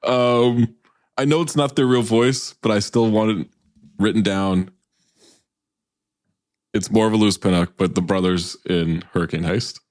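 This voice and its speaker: A blunt man co-hosting a podcast, tossing off crude jokes in casual chat. His voice sits somewhat low. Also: fairly even intonation, unhurried, pauses often, a little mellow. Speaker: podcast co-host.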